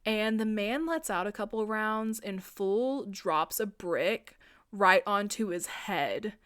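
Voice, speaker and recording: A young woman hosting a podcast, casually retelling a film's plot in a chatty, profane way and slipping in quick voices for the characters. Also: mid-range voice, animated, a bit bright, smooth, no room sound, studio quality. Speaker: podcast host. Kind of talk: casual film recap.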